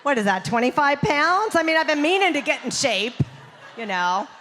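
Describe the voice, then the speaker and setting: A woman's voice: sits high, very animated, normal speed, fairly bright tone, slight background noise. A woman doing a stand-up comedy set, chatty and punchy with the crowd. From Southern United States. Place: theater stage. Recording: long reverb of a performance hall.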